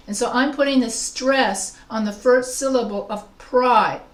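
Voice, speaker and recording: Her voice sits fairly high and sounds reverberant. She's a writing instructor walking an online class through grammar step by step, using examples and putting questions to students.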